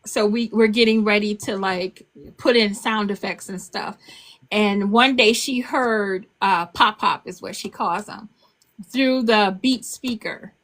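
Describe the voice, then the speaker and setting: An older woman, an author, telling stories on a podcast interview in a casual, animated way, laughing as she goes. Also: unhurried. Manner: animated, laughing, acts out quotes in a high child voice. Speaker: author and guest.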